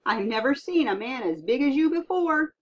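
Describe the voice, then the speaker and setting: Loud old sea captain, high and booming, woman putting it on, lo-fi sound. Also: sing-song, brisk. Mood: hearty. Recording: dull lo-fi recording.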